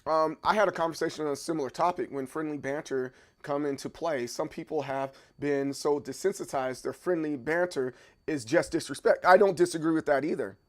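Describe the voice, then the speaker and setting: Man, thirties, livestream host, casual chat, halting, repeats words, slightly raised pitch. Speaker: livestream host answering viewer comments.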